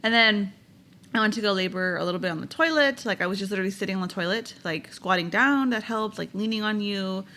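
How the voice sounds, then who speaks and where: A woman's voice: medium pitch, fast talker, sharp tone. A young woman co-hosting a podcast, telling a personal story in a chatty, candid way and laughing now and then. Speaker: podcast co-host. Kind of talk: casual storytelling chat.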